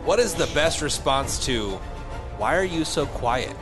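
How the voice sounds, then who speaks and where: A man co-hosting a casual quiz chat, playful and quick to laugh. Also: on the high side, animated, loud music behind the voice. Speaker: podcast co-host.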